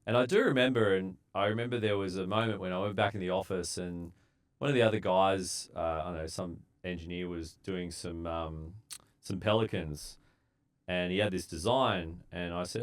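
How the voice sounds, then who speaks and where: A man with a very low voice tells stories from his years on building sites. He talks in a relaxed, chatty way and acts out the lines of his coworkers as he goes. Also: brisk. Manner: laid-back, relaxed storyteller who acts out quotes. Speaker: guest, civil engineer. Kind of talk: casual storytelling.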